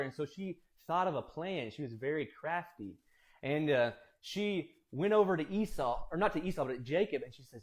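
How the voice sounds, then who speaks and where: A man casually retelling a Bible story, animated and digressive, with many fillers. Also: a little high.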